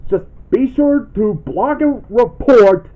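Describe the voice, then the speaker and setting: High-pitched indignant man on lo-fi audio. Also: lively intonation, slow pace, mellow. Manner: indignant, accusatory, repetitive. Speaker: channel host making a callout video. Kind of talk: ranting callout vlog, reading posts aloud. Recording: dull lo-fi sound.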